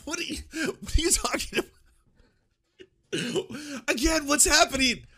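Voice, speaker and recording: High, bright male commentator, incredulous and exasperated, swearing often in casual reaction talk. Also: moderate pace, creaky. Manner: exasperated, swearing, laughing in disbelief.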